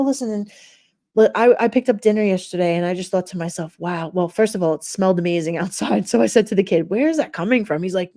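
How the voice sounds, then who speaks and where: Middle-aged lady livestreaming, chatty, laughs a lot, warm mellow voice, tells stories and does little voices for people. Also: mid-range voice. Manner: chatty storyteller, laughs often, acts out voices in anecdotes. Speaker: live stream host. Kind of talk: casual chat with live chat viewers.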